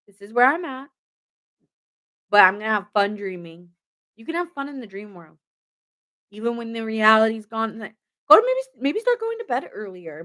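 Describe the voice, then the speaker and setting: A woman giving a tarot reading on a live stream. Her voice sits at an ordinary middle pitch, and she talks in a loose, chatty way. She laughs easily and breaks off to greet viewers. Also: a bit bright.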